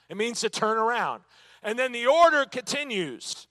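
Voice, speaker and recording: Guy teaching a bible lesson at church, high bright voice, lots of amens, punchy questions. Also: sing-song, moderate pace, no room sound. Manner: emphatic, punctuated with "amen" and rhetorical questions.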